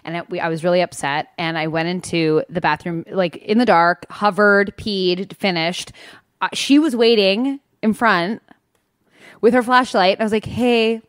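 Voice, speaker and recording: A woman's voice: fairly low pitch, steady tone, normal speed, no room sound, studio quality. A woman co-hosting a podcast, chatting casually and telling candid, joking stories. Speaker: podcast co-host. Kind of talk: casual chat.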